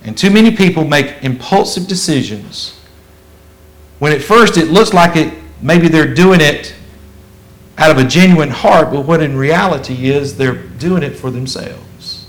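A man preaching a sermon as a pastor, in a folksy, conversational way that swings between loud emphasis and hushed asides. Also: on the high side, lively intonation, measured pace, poor audio.

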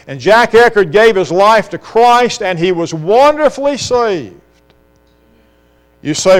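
A man's voice: high voice, expressive, slow. A middle-aged man from South Carolina, preaching an impassioned sermon full of rhetorical questions. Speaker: pastor.

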